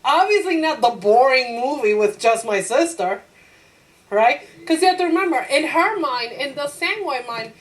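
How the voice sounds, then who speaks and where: A woman teacher giving a lively classroom lecture. She acts out her own inner voice in quotes, asks the class rhetorical questions and laughs easily. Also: high voice, normal speed, low-quality recording.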